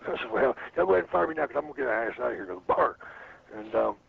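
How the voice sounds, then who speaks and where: Very gravelly male voice, profane rambling anecdotes, dull lo-fi sound. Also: mid-range voice, animated, rapid-fire. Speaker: interview guest, former wrestler. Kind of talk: storytelling in a casual interview. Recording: slightly muffled with faint noise.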